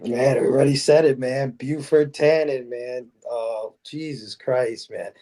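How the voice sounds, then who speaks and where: A man's voice: mid-range voice, fairly even intonation, a little slow, dark tone. A man co-hosting a casual movie review podcast, speaking emphatically and loosely. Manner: emphatic, peppers talk with "man" and "freaking". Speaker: podcast co-host.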